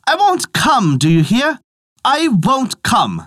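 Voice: mid-range voice, expressive, fairly quick, dry recording, studio quality, lightly acted. A storyteller putting on a raised, angry voice for a defiant husband who refuses a deathly call. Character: defiant husband shouting at an unseen caller.

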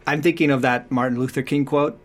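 A man's voice: mid-range voice, fairly even intonation, brisk. A man talking through parenting advice in a reflective, conversational way, often checking in with "right?".

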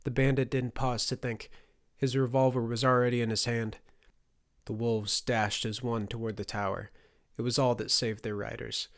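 A man reading a fantasy audiobook as its narrator, in steady, measured scripted storytelling. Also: mid-range voice.

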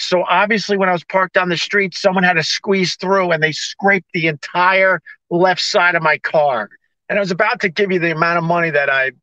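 High, bright-voiced New man ranting. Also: dry recording, dull audio. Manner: exasperated, sarcastic, acts out both sides of conversations. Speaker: vlogger on a live stream. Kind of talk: ranting casual monologue. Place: parked car on a city street.

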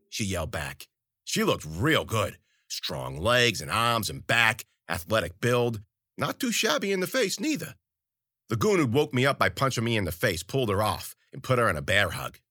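A man's voice: fairly low pitch, very animated, moderate pace, pushed and bright, no echo, studio quality. A man narrating a story in the first person, crude, rambling and full of profane slang.

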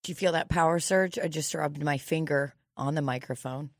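A woman's voice: low voice, moderate pace, hardly any pauses, no echo, studio quality. A woman hosting a podcast in casual chat, crude, profane and teasing. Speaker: podcast host.

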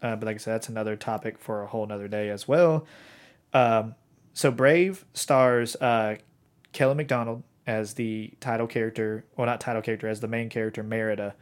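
A man's voice: lowish voice, steady tone, fairly quick, clear, resonant tone. A man in his thirties co-hosting a podcast, chatting casually and rambling with lots of fillers and restarts. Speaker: podcast co-host.

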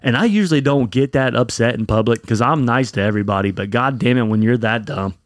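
A young man, a podcast co-host, telling a story in casual chat, animated and profane. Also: medium pitch, fast talker, dry recording, studio quality.

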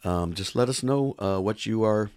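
A man co-hosting a casual podcast, relaxed and plugging a community event. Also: fairly low pitch, moderate pace, clean tone, dry recording, studio quality. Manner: relaxed, promoting a community event, many fillers. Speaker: podcast co-host. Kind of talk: casual chat.

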